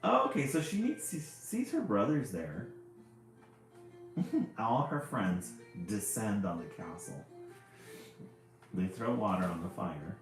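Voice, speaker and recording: A man's voice: on the low side, big pitch swings, takes it slowly, long pauses. A man reading a children's picture book aloud, with chatty asides about the pictures. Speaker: storyteller. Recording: very echoey room, faint music.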